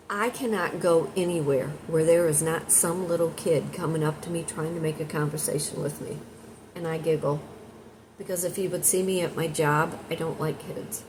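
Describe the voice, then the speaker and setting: Woman vlogger, lowish voice, loose rambling storyteller, noisy recording. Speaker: content creator. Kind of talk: casual storytelling vlog. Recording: noisy background hiss.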